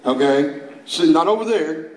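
A man preaching a sermon as a youth minister, telling the story in a folksy, animated way with playful put-on voices. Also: a little high, unhurried, roomy sound, poor audio.

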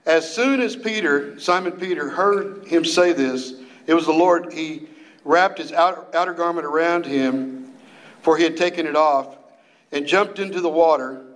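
A male youth minister preaches in a folksy, animated way and slips into playful voices while he tells the story. His voice sits a little high. The recording has the echo of a roomy space. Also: normal speed. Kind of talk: sermon.

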